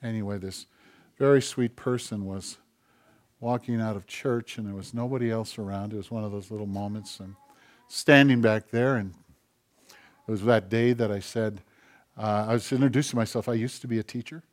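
An older male pastor preaching a sermon, dropping to hushed tones and rising to emphatic, louder passages. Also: on the low side, normal speed. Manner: swings from hushed near-whispers to loud emphatic preaching; acts out quoted voices in soft tones.

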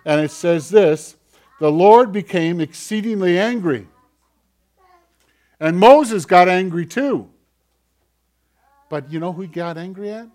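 Male pastor, sermon delivery, a bit high-pitched, animated and conversational. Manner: animated, acts out whiny voices, swings loud and soft.

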